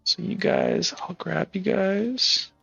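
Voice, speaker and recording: Casual male game master, bright, slightly high voice, dull lo-fi mic with faint music behind. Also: slow, gravelly, breathy edge. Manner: casual, many filler words. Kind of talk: narrating a tabletop game.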